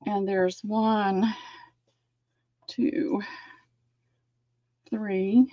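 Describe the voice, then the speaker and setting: A woman hosting a live-stream sale, chatting and describing lace items slowly. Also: medium pitch, level tone, mellow, no room sound, lo-fi sound.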